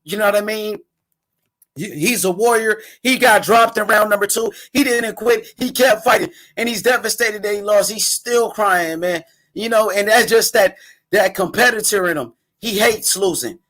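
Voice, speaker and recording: A young man with a very high voice hosts a live boxing reaction stream. He talks in loose slang, circling back over the same points as he hypes the fighters. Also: normal speed, fairly bright tone. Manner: casual slangy, repeats himself, hypes fighters. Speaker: boxing commentator, channel host.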